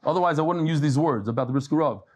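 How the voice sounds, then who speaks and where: A man with a somewhat high voice teaches a daily Talmud lesson. He talks in a loose, conversational way, tells stories and jokes, and drops Hebrew and Aramaic terms into his English. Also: very fast, a little mellow. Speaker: Talmud lecturer.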